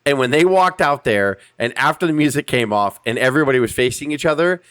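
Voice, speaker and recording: Animated, cursing podcast host man. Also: medium pitch, fast. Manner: profane, emphatic, acts out quotes. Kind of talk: casual wrestling review chat.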